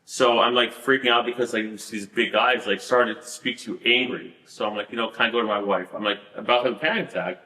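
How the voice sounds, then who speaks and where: A man's voice: mid-range voice, fairly quick, few pauses, sharp tone, echoey room, poor audio. A man telling his story as a podcast guest, rambling with many fillers and laughing at the absurd parts. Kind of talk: storytelling in a casual interview.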